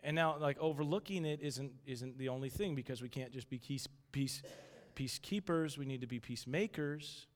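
Recorded with long hall reverb, a man in his thirties preaches a casual sermon at normal speed in a mid-range voice. This pastor is conversational, restarts often, and acts out voices while sharing family anecdotes.

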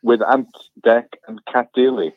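A man's voice: medium pitch, fairly even intonation, moderate pace, no room sound. A man rambles through everyday stories with a jokey, chatty manner. His voice comes over a thin, phone-like line with no room sound. He sounds like a regular caller on a casual radio show. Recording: tinny phone line, dry.

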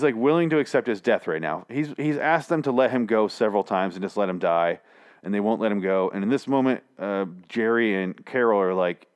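A low-voiced man swearing through a recap. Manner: profane, rambling, frequent restarts. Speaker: TV episode recap host. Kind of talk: casual spoken recap.

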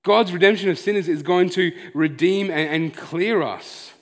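A man's voice: high voice, normal speed. Male pastor, earnest and chatty, preaching in a reverberant hall. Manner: earnest, conversational preaching with restarts. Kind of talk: sermon.

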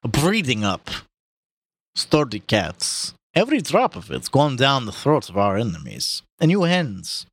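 A man's voice: huge pitch swings, a little slow, a little hiss or hum. A man doing a grave old boar in a mock Russian accent. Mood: accusing. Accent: put-on Russian. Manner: booming speechmaking, slips out of character into laughter. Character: old male boar rallying farm animals, grave and fiery. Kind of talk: comic dramatic reading.

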